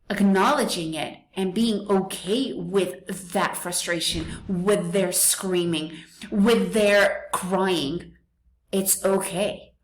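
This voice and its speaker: A woman's voice: medium pitch, reverberant. A woman hosting a parenting podcast, talking straight to listeners in a blunt, emphatic way that often repeats its points. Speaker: podcast host. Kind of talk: direct-to-listener parenting talk.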